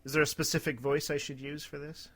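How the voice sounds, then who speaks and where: A man's voice: a little high, little pitch movement, quick pace, fairly bright tone. Chatty man co-hosting a podcast. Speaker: podcast co-host. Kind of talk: casual chat over a call.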